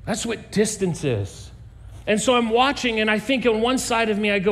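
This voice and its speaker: A male pastor preaching a sermon, telling a story with lively voices and sinking to a soft, low voice for emphasis. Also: moderate pace.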